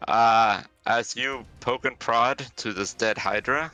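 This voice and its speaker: A man's voice: medium pitch, slow, sharp tone. A man running a tabletop game as game master, casually counting out moves and narrating the scene. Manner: casual, counts out movement aloud.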